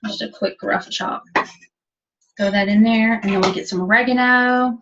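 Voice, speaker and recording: A woman's voice: fairly high pitch, steady tone, normal speed, background noise. Chatty woman demonstrating cooking, distant mic. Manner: chatty, practical step-by-step instruction. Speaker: cooking instructor. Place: kitchen. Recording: distant, dull webinar audio.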